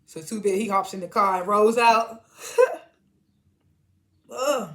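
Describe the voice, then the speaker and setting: A woman casually recapping a TV episode in animated, slangy storytelling, laughing often as she talks. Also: medium pitch, takes it slowly. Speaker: TV show reviewer.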